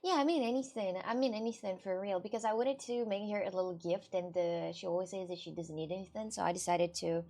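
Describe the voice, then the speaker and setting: A woman's voice: medium pitch, quick pace, hardly any pauses, dark tone. Chatty Russian-accented woman streamer. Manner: rambling and chatty, with loose non-native grammar. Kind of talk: casual livestream chat with viewers.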